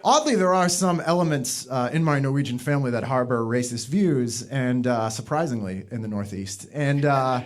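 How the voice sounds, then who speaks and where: A young man from the Boston area doing a stand-up routine with dry, ironic delivery, mocking people in high voices. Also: moderate pace, hardly any pauses. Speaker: stand-up comedian.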